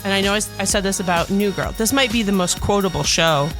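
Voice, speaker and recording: Female podcast co-host, mid-pitched voice, casual chat, excited, frank. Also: fast, music in the background.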